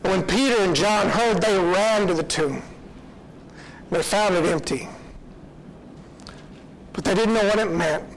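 A man's voice: high voice, unhurried, long pauses, a little hiss or hum, rough recording. A man preaching a sermon, retelling a story in an earnest, reflective way.

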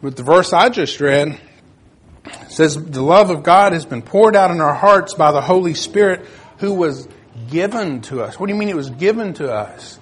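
An older man delivers a sermon in an easygoing, conversational tone, stopping now and then to find his place in the scripture. His voice sits a little high and has a husky grain to it. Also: animated, normal speed. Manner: plain conversational preaching, reads scripture aloud; searches for verses, self-correcting. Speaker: preacher.

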